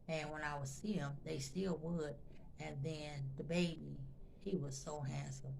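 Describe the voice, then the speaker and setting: A woman's voice: sits low, unhurried, gravelly, a little hiss or hum. A woman vlogger telling a personal story to her viewers in a chatty, emotional way, often talking to them directly and repeating phrases for emphasis. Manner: emotional, intense when recounting.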